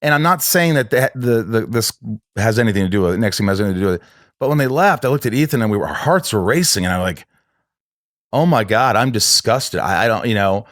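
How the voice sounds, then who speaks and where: A man's voice: lowish voice, big pitch swings, fast, no echo, clean studio sound. A man telling a story in a casual podcast chat, rambling with many restarts. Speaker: podcast guest.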